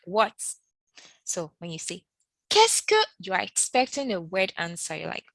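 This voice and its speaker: A woman's voice: a bit bright, no room sound, low-quality recording. A woman teaching a language lesson, repeating every example phrase and lifting her voice on sample questions. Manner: slow, repeats each French phrase, rises high on example questions. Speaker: French teacher.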